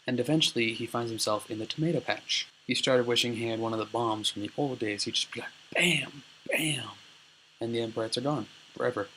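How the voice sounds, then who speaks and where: A man's voice: on the low side, vocal fry, fairly bright tone, slight background noise, rough recording. A man casually summarizing a book chapter in informal, filler-heavy speech. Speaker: narrator retelling a book chapter.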